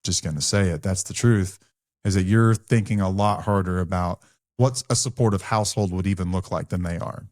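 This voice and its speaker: A man's voice: low-pitched, fairly quick, darkish tone, no room sound, clean studio sound. A man co-hosting a podcast, speaking in a candid, blunt and earnest way about recovery from his own experience. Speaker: podcast co-host. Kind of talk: candid conversational podcast talk.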